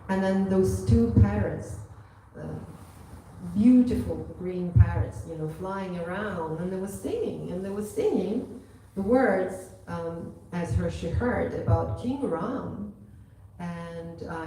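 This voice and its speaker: Relaxed female devotional storyteller, warm tone, roomy distant hall sound. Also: lowish voice, slow pace, a little hiss or hum. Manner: casual, lots of "you know". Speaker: storyteller at a temple gathering. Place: temple hall. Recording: echoey hall from far off.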